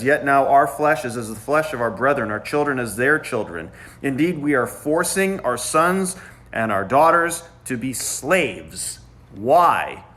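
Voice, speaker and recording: Animated man preaching a sermon. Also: a little high. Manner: animated, acts out complaining voices; casual, conversational preaching. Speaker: pastor.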